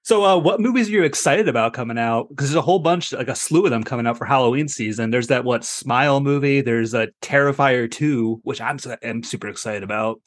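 A man's voice: medium pitch, a little fast, few pauses. A man in the host's seat with a mid-range voice, chatting easily and laughing along with his guest. His questions come in a loose, casual flow. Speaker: podcast host. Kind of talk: casual podcast interview.

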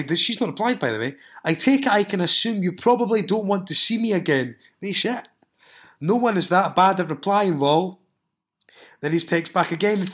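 A Scottish man hosts a solo podcast, reading listeners' stories aloud and reacting to them with swearing and laughter. His voice sits a little higher than most men's. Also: a bit bright. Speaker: podcast host.

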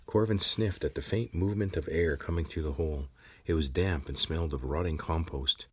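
A man narrates an adventure audiobook at a steady pace. His voice sits very low and has a husky grain to it. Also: fairly quick.

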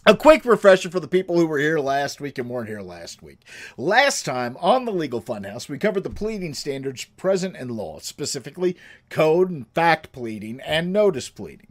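Animated, swearing podcast host, a man. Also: mid-range voice. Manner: animated, profane storytelling. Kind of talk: casual chat. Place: home, livestream setup.

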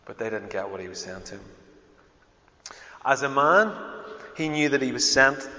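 A middle-aged man with a Northern Irish accent preaching a sermon, shifting between loud emphatic proclaiming and quiet, intimate storytelling. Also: mid-range voice, expressive, moderate pace, pauses often. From Northern Ireland. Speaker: pastor. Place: church hall. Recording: dull, echoey hall recording.

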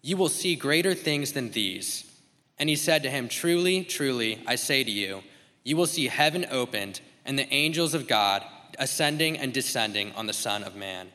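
Bright-voiced man reading scripture. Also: medium pitch, animated. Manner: measured, deliberate reading. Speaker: scripture reader. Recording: reverberant church hall.

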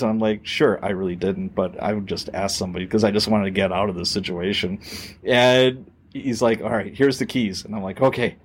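A man's voice: lowish voice, fairly even intonation, moderate pace, husky. A middle-aged man, a podcast host, telling a story from his police days in casual chat, acting out the quoted voices and swearing now and then.

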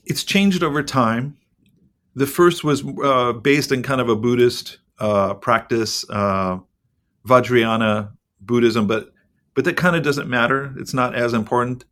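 A middle-aged man chatting on a podcast, his voice sitting at an ordinary middle pitch. He talks in a loose, rambling way, full of "like" and casual swearing, candid and unguarded. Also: unhurried, a bit bright. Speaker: podcast co-host. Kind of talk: casual chat.

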